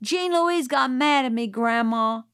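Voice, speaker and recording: A woman voicing a young boy, tattling, whiny, high-pitched, audiobook. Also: unhurried, a bit bright, clean tone, no room sound, clean studio sound. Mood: whining. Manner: high, bawling and complaining. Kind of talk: audiobook character voice.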